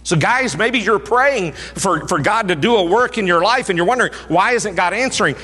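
A male pastor preaching a sermon, emphatic, swinging from raised urging to hushed low tones. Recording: reverberant hall.

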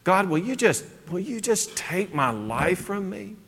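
A man's voice: high voice, sing-song, measured pace, a bit bright, breathy edge, pitched above the performer's own voice, heavily acted. A man acting out a self-pitying, despairing adult prophet, pleading in exasperated outbursts, in an echoey hall.

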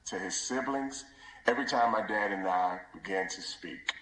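A man's voice: lowish voice, moderate pace, pushed and bright. Man's tribute, voice dropping to near whisper. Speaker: son giving a funeral tribute. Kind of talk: emotional funeral tribute. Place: church. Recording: echoey church room.

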